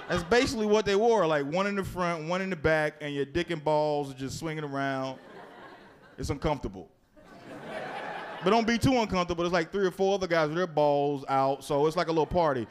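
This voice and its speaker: A man's voice: a little high, a little fast, background noise. A man doing live stand-up in a comedy club, telling crude, profane stories and working the crowd. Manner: profane, animated storytelling with crowd work.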